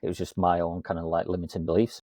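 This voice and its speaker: A man's voice: low voice, flat delivery, quick pace, dark tone, no echo. A man co-hosting a casual coaching podcast, self-mocking and laughing often. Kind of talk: casual chat.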